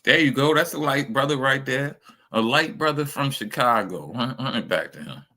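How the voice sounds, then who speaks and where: A man's voice: mid-range voice, animated, normal speed, bright, forceful tone. A man streaming casual reaction commentary, ranting emphatically and swearing a lot.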